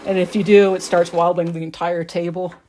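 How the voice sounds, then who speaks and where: A middle-aged woman with a lowish voice, talking in a loose, rambling way while she works at her quilting. She chats on casually from her sewing room. A sewing machine hums faintly behind her. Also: flat delivery, a little fast, dark tone, a little hiss or hum. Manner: rambling, chatty, talks while working.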